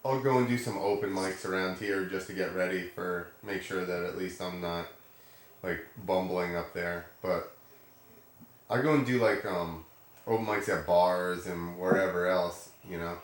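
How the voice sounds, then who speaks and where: Low-voiced rambling man on a call. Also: moderate pace, roomy sound. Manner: rambling, filler-heavy, laughs a lot. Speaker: podcast co-host, stand-up comic. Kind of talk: casual chat. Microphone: video call.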